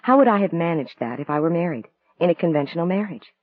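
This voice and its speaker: Gentle wistful woman, read by a guy, soft and earnest, higher voice, tinny phone-like sound. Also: animated, fast talker, no room sound.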